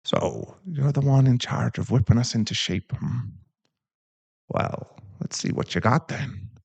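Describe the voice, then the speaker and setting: A man voicing a stuck-up small were-dog man, a Pomeranian, with a sneering breathy tone, in an audio role-play. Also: medium pitch, unhurried, darkish tone, dry recording.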